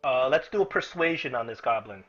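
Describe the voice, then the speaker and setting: A man's voice: medium pitch, animated, fairly quick, dull audio. A man narrating as game master in a casual tabletop session, often restarting his sentences.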